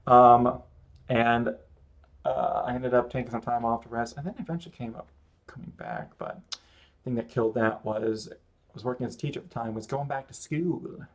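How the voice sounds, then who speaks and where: A man's voice: medium pitch, animated, normal speed, gravelly. Rambling, self-mocking male streamer. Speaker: streamer drawing live. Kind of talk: casual chat while drawing.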